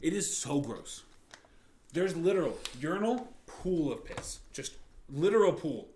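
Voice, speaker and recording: A man's voice: a little high, very animated, unhurried, a little mellow, a little hiss or hum. A young man co-hosting a casual podcast, talking in a blunt, joking, slangy way. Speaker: podcast co-host. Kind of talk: casual chat.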